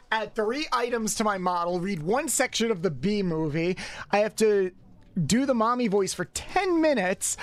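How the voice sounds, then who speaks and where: In a casual live-stream chat, a woman talks to her audience in a mid-range voice, with no room sound audible. She works out as she speaks, calling out her rep counts and mixing complaints and jokes between sets.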